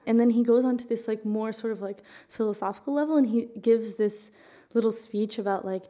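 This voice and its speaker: A woman's voice: fairly high pitch, brisk, mellow. A woman co-hosting a podcast, explaining things in a rambling, casual way while searching for words. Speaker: podcast co-host.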